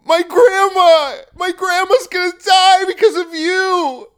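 A man putting on a shrill, tearful, whining scold who sobs about a grandma, in mocking exaggeration. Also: slow pace, a bit bright, heavily acted. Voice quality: high, whiny, tearful.

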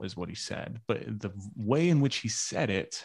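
A man's voice: fairly low pitch, big pitch swings, moderate pace, slightly rough, no echo. A man co-hosting a casual podcast chat, rambling with many fillers and restarts. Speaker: podcast co-host.

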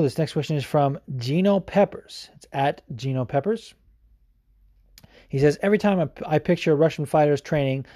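Male podcast host, casual, profane, rambling; mellow voice, dry close mic. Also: medium pitch, dry recording. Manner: profane, rambling, frequent fillers.

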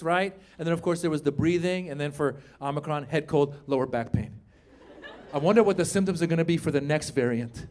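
A man in his fifties doing a stand-up comedy set on a comedy club stage, talking to the crowd and acting out characters. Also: sits high. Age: 50s. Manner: animated, crowd work, acts out characters.

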